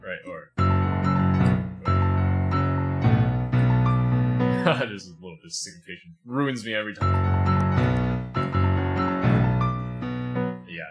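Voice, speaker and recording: A man's voice: low voice, animated, drawn-out words, long pauses. A man teaching piano on a livestream, patiently explaining as he demonstrates and often checking with "right?". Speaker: piano teacher reviewing a student. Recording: piano music playing behind.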